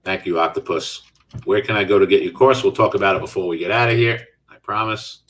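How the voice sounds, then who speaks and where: Low-voiced man reading chat on a live trading stream. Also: brisk, a bit bright, distant mic. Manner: casual, reads out and answers viewer chat while trading. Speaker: stock trading host.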